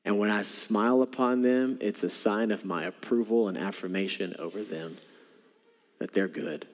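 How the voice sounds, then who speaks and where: A male pastor preaching a sermon, dropping to soft near-whispers and rising to raised emphasis. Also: lowish voice, normal speed. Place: church hall. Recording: long hall reverb.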